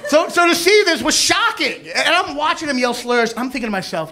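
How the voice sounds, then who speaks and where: A young man doing a stand-up comedy set on a club stage, animated and mock-indignant, jumping into quick character bits. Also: very high-pitched. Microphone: handheld stage mic. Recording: live club recording with crowd noise. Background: audience laughter.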